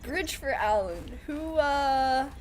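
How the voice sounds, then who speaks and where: High-voiced excitable woman streamer. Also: slow, a little hiss or hum. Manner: excitable, laughs often, chats with viewers. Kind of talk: live gameplay commentary.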